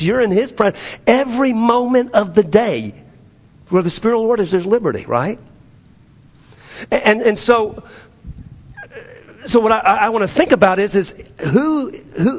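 Guy preaching in church, kinda high voice, chatty, repeats himself, goes soft on the big points. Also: lively intonation, normal speed, big-room sound. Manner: conversational preaching, repeats and restarts phrases, drops to quiet emphasis. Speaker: pastor. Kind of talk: sermon.

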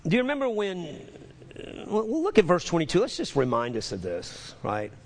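A man's voice: high voice, wildly swooping pitch, normal speed, big-room sound, slight background noise. A man preaching a sermon and reading scripture, often stammering and repeating words for emphasis. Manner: stammering restarts, emphatic repetition. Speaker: pastor.

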